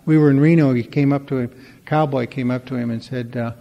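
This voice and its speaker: A man's voice: mid-range voice, steady tone, fairly quick, creaky, mellow, in a large hall, muffled recording. A man giving a storytelling talk at a recovery meeting, conversational and wry, acting out the dialogue in his stories.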